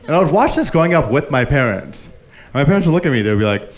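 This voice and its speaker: A fast-talking man with a fairly high voice delivers a live stand-up comedy set, acting out the people in his animated stories. He grew up Indian, and audience laughter rises around him on stage.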